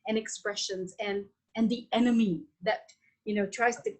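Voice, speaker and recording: A woman's voice: mid-range voice, steady tone, moderate pace, darkish tone, low-quality recording. A woman with a Latin American Spanish accent, a guest on a podcast interview, talking in a flowing, reflective way with many restarts and fillers. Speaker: guest, Vedic astrologer.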